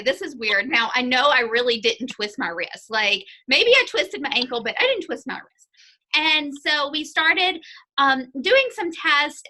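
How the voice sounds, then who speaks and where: A woman in her thirties hosting a casual interview, lively and enthusiastic as she talks. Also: sits high, poor audio. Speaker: host.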